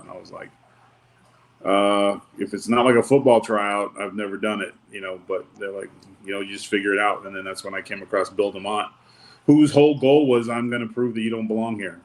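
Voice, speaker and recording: This man's voice sits on the low side, delivered flatly and briskly. He's a wrestling guest swapping stories in a relaxed interview, wandering off track with lots of fillers and restarts while impersonating whoever he's quoting.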